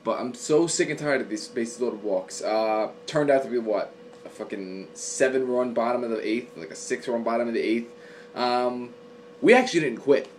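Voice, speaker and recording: A young man talks straight into his camera at home, going over the week's games in a loose, rambling fan vlog. He is opinionated and swears freely, and he fills his pauses with ums. His voice sits at an ordinary pitch over a faint hiss in the room. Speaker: sports fan vlogger. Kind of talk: casual fan recap vlog.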